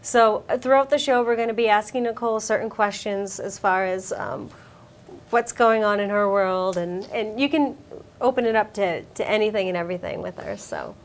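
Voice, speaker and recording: A woman's voice: mid-range voice, expressive, normal speed. A woman hosting an internet radio interview, chatty and supportive as she asks questions. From United States. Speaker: host.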